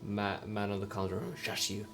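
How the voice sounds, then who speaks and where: A man narrating as game master of a tabletop game, halting with many fillers. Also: fairly low pitch, completely flat delivery, noisy background. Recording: background music.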